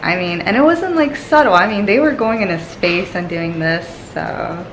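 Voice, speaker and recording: A woman's voice: on the low side, lively intonation, normal speed, slight background noise, rough recording. A woman vlogging casually, chatting to the camera and giving her dog short commands and cheerful praise. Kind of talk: casual vlog chat. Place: store, then at home in bed.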